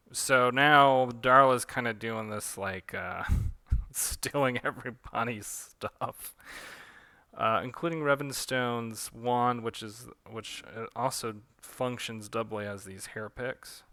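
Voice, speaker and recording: A man talking through his own comic in a relaxed, rambling way. His voice is very bright and sharp. The recording is close and completely dry. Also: medium pitch, takes it slowly, no echo. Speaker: author giving commentary. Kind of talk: director's commentary read-along.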